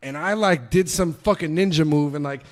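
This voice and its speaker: A young man from New York telling a story on a podcast, with a fairly high voice. He swears freely and gets animated, acting out the people in it as he goes. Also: normal speed. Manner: animated, profane, acts out voices. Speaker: podcast guest. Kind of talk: casual storytelling.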